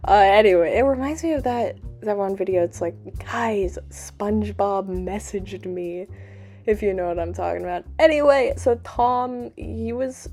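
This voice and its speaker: Rambling vlogger with a middle-pitched voice. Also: vocal fry, darkish tone. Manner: rambling, self-interrupting, laughs often. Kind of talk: casual rambling chat while cleaning a plush toy.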